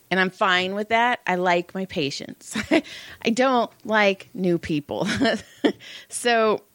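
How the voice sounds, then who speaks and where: A woman's voice: fairly low pitch, no echo. A woman, a massage therapist, telling a story in casual chat, swearing freely and acting out what people said. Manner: profane, animated storyteller who acts out quotes. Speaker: massage therapist and podcast co-host.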